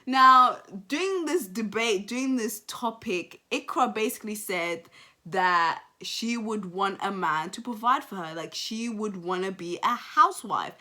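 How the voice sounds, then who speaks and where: A young woman giving casual reaction commentary, animated and emphatic, repeating phrases for effect. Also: on the high side. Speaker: commentary vlogger.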